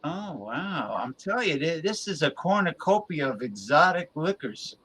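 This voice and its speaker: A man co-hosting a casual chat show, excitable and playful, often repeating and restarting his words. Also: fairly high pitch, moderate pace, breathy edge. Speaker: co-host.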